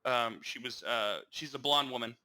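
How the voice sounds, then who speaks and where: The recording is low quality, and the speaker is a young male podcast co-host with a medium-pitched voice and normal speed. In a casual chat, he rambles and stammers, restarting often as he animatedly retells stories.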